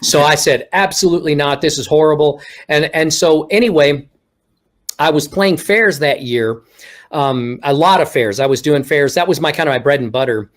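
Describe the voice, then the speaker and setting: A man's voice: on the high side, normal speed. A man from Texas with no regional accent, a guest telling stories in a casual interview, acting out what people said to him. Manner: animated storyteller acting out quoted remarks. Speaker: guest, ventriloquist.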